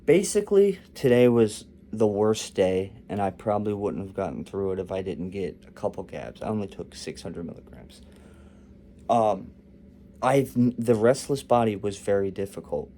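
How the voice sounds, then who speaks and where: Young male vlogger, slightly low pitch, casual rambling storyteller with a joking streak. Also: lively intonation, moderate pace, dark tone, slight background noise.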